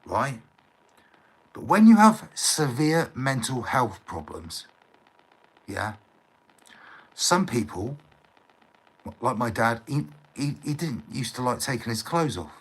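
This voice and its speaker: A man's voice: medium pitch, very animated, takes it slowly, long pauses, breathy edge, rough recording. Ranting man on a live stream. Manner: heated, swears often, repeats himself, asks for agreement. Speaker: livestreamer.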